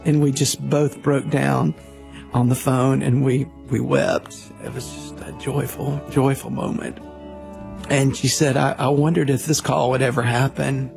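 Man in his 50s, minister telling his story, earnest and halting, flat gravelly voice, soft music under. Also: mid-range voice. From Louisiana, USA. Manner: earnest, halting with restarts and fillers. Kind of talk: personal storytelling.

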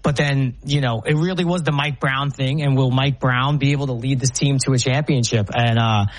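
A man's voice: mid-range voice, normal speed, no room sound, poor audio. A man in his forties from Brooklyn, telling heartfelt stories on a casual sports talk show. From Brooklyn, New York. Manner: animated, heartfelt storyteller.

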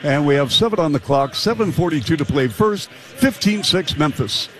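A male play-by-play announcer calling a basketball game, with rapid, punchy calls that rise to shouts on big plays. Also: fairly high pitch, animated. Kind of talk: live basketball commentary.

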